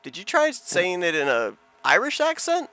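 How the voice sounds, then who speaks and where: A man calling a sim race in a bright, fairly high voice, chatty and quick, with sudden bursts of excitement. A faint hum sits under his voice. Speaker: race commentator. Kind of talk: sim racing broadcast commentary.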